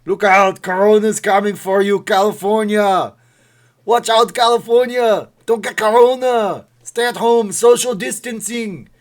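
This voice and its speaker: A man putting on a comic impression of a boastful action star with an exaggerated Austrian-German accent, loud and booming. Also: fairly even intonation, measured pace. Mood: mock warning. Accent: mock Austrian-German.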